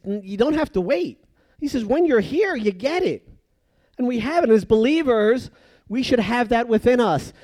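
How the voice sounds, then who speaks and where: Preacher, male, higher-pitched, dry close recording, emphatic swings from forceful to hushed. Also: no room sound. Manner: swings between loud emphatic passages and hushed, drawn-out phrases. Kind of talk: sermon.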